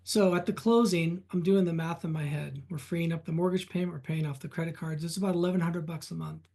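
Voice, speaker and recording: A man being interviewed on a podcast as a reverse mortgage specialist, telling client stories in an animated way. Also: on the high side, fairly quick, creaky. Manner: animated anecdotes, retelling client conversations.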